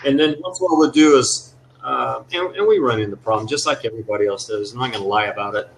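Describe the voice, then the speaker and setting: A man's voice: medium pitch, fast talker, vocal fry, a little hiss or hum, poor audio. A man in his thirties chatting loosely about mufflers and exhaust setups, joking as he goes. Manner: loose, joking, rambling car talk. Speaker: muffler maker guest. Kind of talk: casual live show chat.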